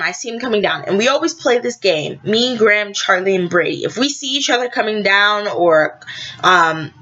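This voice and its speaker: A woman's voice: mid-range voice, pushed and bright, muffled recording. A teenage girl vlogging, telling a story to camera in a rambling, chatty way, correcting herself and talking to her viewers. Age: teens.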